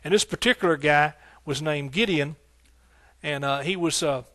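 Fervent preacher with a higher voice. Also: male voice, normal speed, dry recording. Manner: fervent and rhythmic, with repeated phrases and shouts of hallelujah; folksy, talking directly to the congregation. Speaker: pastor. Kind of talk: sermon.

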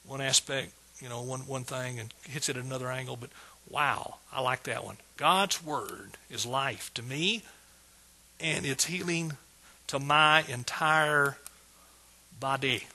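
A man's voice: mid-range voice, unhurried, sharp tone. A middle-aged man preaching a sermon with exuberant energy, repeating phrases and calling out praise. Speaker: pastor.

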